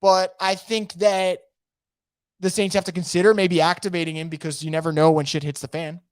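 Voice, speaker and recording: A man hosting a casual live sports podcast from home, energetic and opinionated, rambling with frequent restarts. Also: high-pitched, fairly quick, clean tone, no room sound, studio quality. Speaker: podcast host. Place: home room.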